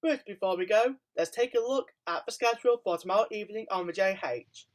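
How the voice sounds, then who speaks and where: A woman's voice: medium pitch, brisk, a little mellow, low-quality recording. A woman presenting a homemade mock TV channel, announcing its programmes in a breezy, playful way.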